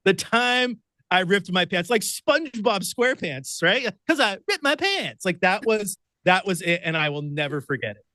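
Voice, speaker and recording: A guest from Oregon, himself a radio producer and host, spins an animated story at a moderate pace in a high voice. There's no room sound. He's excitable throughout, laughing often and acting out the voices of the people he describes.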